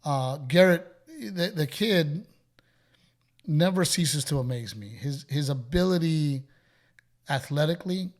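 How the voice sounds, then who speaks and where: A man's voice: on the high side, animated, unhurried. A Texan man hosting a podcast, chatting casually and telling stories with quoted dialogue and frequent laughs. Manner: storytelling, quotes others, laughs often. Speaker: podcast host. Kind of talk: casual chat.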